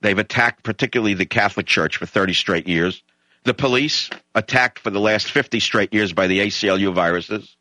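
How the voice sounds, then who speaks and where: A man's voice: lowish voice, brisk, sharp tone, dry recording, low-quality recording. A middle-aged man delivering an emphatic, indignant talk radio monologue, lecturing his listeners and running through long lists.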